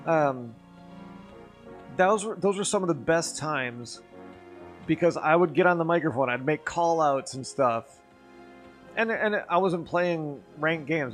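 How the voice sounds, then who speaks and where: Tipsy streamer guy cussing thru a story, kinda high voice, some music low in the back. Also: measured pace, pauses often. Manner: rambling, profane, animated when riled. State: drinking, tipsy. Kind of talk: casual storytelling chat.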